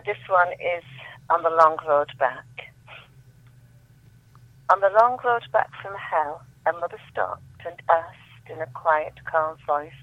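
A woman on the low side of the range appears as a phone-in guest, reading her own poems with emotion and rising, repeated refrains. The recording is dry and comes through a tinny phone line.

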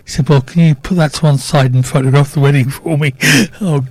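A man's voice: a little high, steady tone, a little fast, darkish tone. An older man co-presenting a radio show, telling a wry story in casual chat.

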